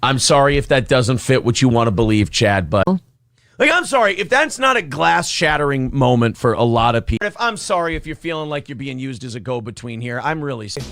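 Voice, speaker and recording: A man's voice: mid-range voice, very animated, fairly quick, a bit bright, dry recording, clean studio sound. A man hosting a casual live talk show, rambling with apologetic asides.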